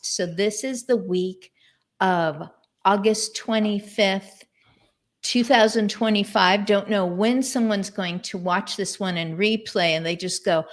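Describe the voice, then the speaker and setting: A woman hosts a relaxed live-streamed conversation over a video call, her voice at a middle pitch. She talks in a chatty, rambling way and retells stories as she goes. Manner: chatty, retells stories by voicing what others said. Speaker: host.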